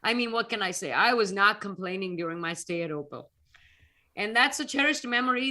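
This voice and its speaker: Bright and forceful, this mid-range voice moves fairly quickly with lively intonation. It belongs to a middle-aged woman from North India, an alumna scientist and guest speaker with an Indian English accent, whose earnest, reflective interview answers become emotional.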